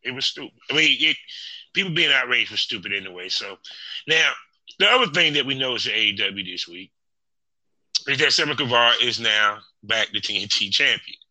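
A man with a very bright, cutting voice talks casually on a podcast, hesitating with lots of ums. The sound is dry and close, with no room echo. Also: mid-range voice, expressive, fairly quick. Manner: hesitant, filler-heavy, asks his co-host questions. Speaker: podcast co-host. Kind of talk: casual wrestling chat.

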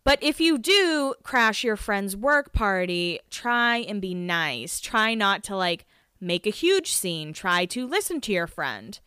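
Woman podcast host, casual rambling chat, smooth clear voice, dry close sound. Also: medium pitch, very animated, slow pace, bright, forceful tone, no room sound. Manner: chatty, rambling, swears and laughs at herself.

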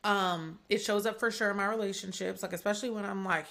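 A woman's voice: mid-range voice, fairly even intonation, brisk, creaky, hardly any pauses, fairly bright tone. A young woman from Atlanta hosting a podcast, talking casually and candidly with lots of "like" fillers. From Atlanta, USA. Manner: chatty, candid, heavy use of "like". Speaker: podcast host.

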